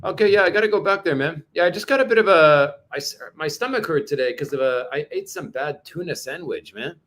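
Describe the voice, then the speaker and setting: A man's voice: on the high side, lively intonation, a little fast, fairly bright tone. Rambling man hosting a livestream. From Canada. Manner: rambling, many fillers and restarts. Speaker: livestream host reading chat. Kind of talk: casual livestream chat.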